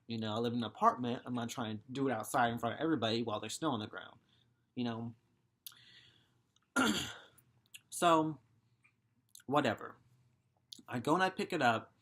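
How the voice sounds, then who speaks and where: A man's voice: medium pitch, normal speed, pauses often, a bit bright. A young man in his twenties telling a story casually, swearing and exasperated. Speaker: vlogger.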